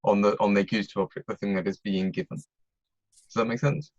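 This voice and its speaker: Patient low-voiced male language tutor. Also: a little fast, darkish tone, no echo, dull audio. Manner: patient, explains step by step with frequent checks. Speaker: German tutor. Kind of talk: online tutoring lesson.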